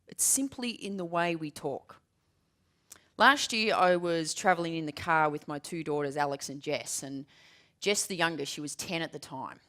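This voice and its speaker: A woman's voice: low voice, moderate pace. A woman in her forties giving a keynote presentation, telling stories with humour and driving her points home with emphatic repetition. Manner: lively, humorous storytelling with emphatic repetition. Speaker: keynote speaker. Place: large room with a live audience.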